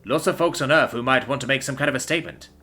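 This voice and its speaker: A man's voice: mid-range voice, very fast, bright, forceful tone, soft background music. Man voicing a casual young soldier.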